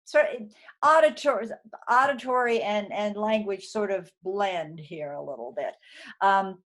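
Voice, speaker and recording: Woman lecturer, mid-pitched, loose and conversational, some ums and restarts. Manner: conversational, with many fillers and restarts. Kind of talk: recorded lecture.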